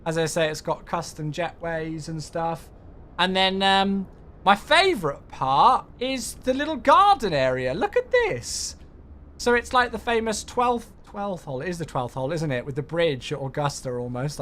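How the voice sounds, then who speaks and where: A man's voice: fairly high pitch, lively intonation, normal speed, fairly bright tone. A man giving chatty live commentary while streaming a flight simulator and cheerfully greeting viewers.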